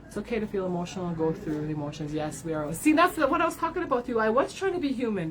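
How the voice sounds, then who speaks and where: A woman's voice: mid-range voice, big pitch swings, fast, noisy background. Tearful, candid woman card reader. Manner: candid, swears, often tags "right?". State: tearful at times. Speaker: card reader and spiritual advisor. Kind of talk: emotional livestream talk to followers.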